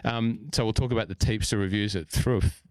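Male podcast host, casual and chatty, smooth voice, dead-dry booth. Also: lowish voice, steady tone, fast, a little mellow, no room sound. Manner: chatty, rambling, lots of fillers and friendly banter. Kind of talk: casual chat.

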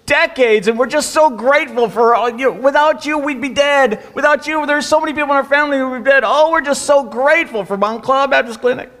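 A man's voice: very high-pitched, fairly quick, few pauses, a bit bright, long reverb tail, voice pushed up. A man putting on gushing grateful patients. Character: grateful longtime clinic patients, effusive.

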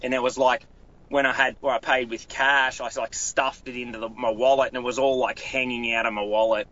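A man's voice: mid-range voice, flat delivery, brisk, pushed and bright, lo-fi sound. A man with an Australian accent, a guest telling stories in a casual podcast chat, rambling with many restarts. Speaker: guest angler.

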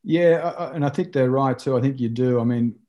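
A middle-aged man with an Australian accent, a rugby coach answering interview questions with lively anecdotes full of restarts. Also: mid-range voice, a little fast, dull audio. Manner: animated anecdotes with lots of restarts and filler.

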